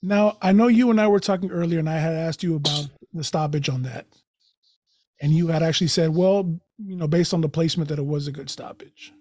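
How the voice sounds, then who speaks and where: A man interviewing a fight coach in a relaxed, conversational way, steering the talk with short questions. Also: on the high side, a little fast, dry recording.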